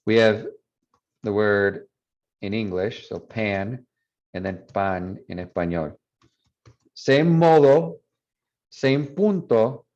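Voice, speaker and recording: A man's voice: medium pitch, darkish tone. A man teaching a Spanish class online, explaining patiently and mixing English with Spanish. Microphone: video call. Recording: dull lo-fi video call audio.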